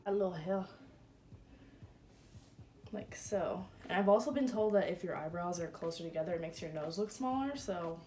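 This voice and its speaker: This twenty-something beauty vlogger has a lowish, warm voice with lively intonation, talking at a normal speed but with long pauses. She chats crudely and casually through her makeup in a get-ready-with-me video from a room at home, filling gaps with "like." There's slight background noise.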